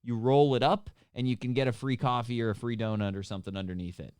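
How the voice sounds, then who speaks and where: A man's voice: medium pitch, fairly even intonation, quick pace, a little mellow, clean tone, no echo, studio quality. A young man, telling a rambling, profane story on a podcast and laughing often. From Canada. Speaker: podcast co-host. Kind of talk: casual chat.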